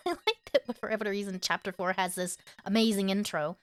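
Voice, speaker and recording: A playful, chatty woman streamer commenting on a game as she plays. Her voice sits in a middle pitch. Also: moderate pace.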